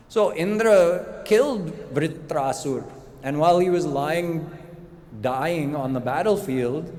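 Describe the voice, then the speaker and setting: A middle-aged man giving a devotional lecture as a spiritual teacher, explaining slowly and deliberately with rhetorical questions. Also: high-pitched, darkish tone. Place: large hall at a live retreat. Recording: long hall reverb, faint room ambience.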